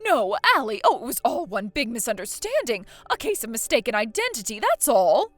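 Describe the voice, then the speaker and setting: A woman's voice: fairly high pitch, big pitch swings, fairly quick, a bit bright, no room sound, soft background music. A woman voicing a scheming, pompous mother-in-law in a voiced story drama, haughty and accusing. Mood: pleading. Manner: haughty, accusing, self-pitying.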